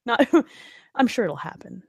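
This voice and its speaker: A woman's voice: fairly high pitch, big pitch swings, fairly quick, creaky, slightly rough, dry recording, studio quality. A woman hosting a podcast, talking in casual, profane, joking chat. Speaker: podcast host.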